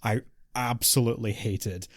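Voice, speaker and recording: A man co-hosting a podcast, casually reviewing a film in an animated, exasperated rant. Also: mid-range voice, moderate pace, no echo, studio quality. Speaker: podcast co-host.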